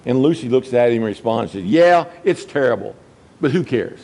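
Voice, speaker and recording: A middle-aged man, a Baptist pastor, preaching a sermon and swinging between quiet low passages and high, emphatic peaks. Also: expressive, unhurried, slight background noise, rough recording.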